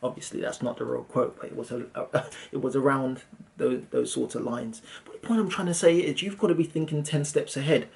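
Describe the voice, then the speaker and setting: A man's voice: medium pitch, fairly quick, gravelly, a little hiss or hum. A man, a property landlord, casually and animatedly telling a story to camera with frequent fillers. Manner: animated, lively retelling with frequent "um"s.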